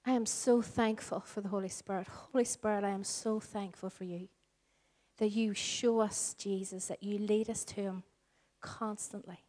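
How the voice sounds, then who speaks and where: A Northern Irish woman in her forties preaches a sermon as a pastor, earnest throughout, with a mid-range voice and fairly even intonation. She varies her pace, moving between slow, emphatic lines and soft, hushed phrases, sometimes dropping to a whisper for emphasis.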